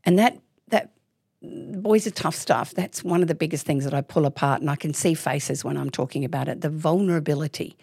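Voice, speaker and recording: A low-pitched middle-aged woman talks candidly and with emphasis. Her voice sits close and dry. She often slips into little acted voices to make her point. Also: fairly quick, creaky, darkish tone, husky, dry recording. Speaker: parenting expert guest. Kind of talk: casual interview chat.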